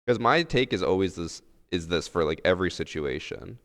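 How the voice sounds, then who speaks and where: A man's voice: sits low, expressive, moderate pace, fairly bright tone. A man streaming games live, talking in a laid-back, rambling way full of fillers. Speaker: game streamer. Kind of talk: casual live-stream chat. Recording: long room reverb.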